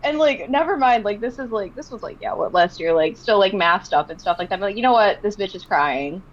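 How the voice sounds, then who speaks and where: Woman, animated casual storytelling, muffled lo-fi audio. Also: fairly quick. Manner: animated, acts out quotes in a high excited voice. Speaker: artist guest.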